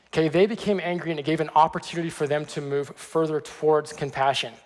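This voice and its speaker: A man delivering a sermon in a relaxed, conversational manner, often stopping to check in with his listeners. His voice sits a little high for a man. A long church reverb trails behind every phrase. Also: quick pace. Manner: conversational, frequent "okay" check-ins. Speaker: pastor. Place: church sanctuary.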